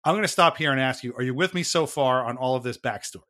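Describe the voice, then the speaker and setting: A man's voice: mid-range voice, brisk, a bit bright. A man co-hosting a podcast, explaining a reality show to his friend in a chatty, wry way, laughing at himself and often restarting his sentences. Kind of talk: casual podcast chat.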